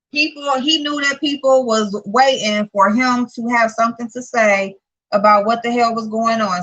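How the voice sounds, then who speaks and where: A woman's voice: fairly high pitch, sharp tone, rough recording. A woman, a channel host giving casual, profane commentary, blunt and sassy, rising to exasperated outbursts. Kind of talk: casual live-stream commentary.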